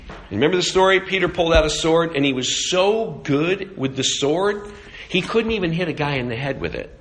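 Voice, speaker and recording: A man's voice: on the high side, animated, brisk, fairly bright tone, a little hiss or hum. A man preaching a sermon, telling a story with animation and asking rhetorical questions. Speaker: pastor.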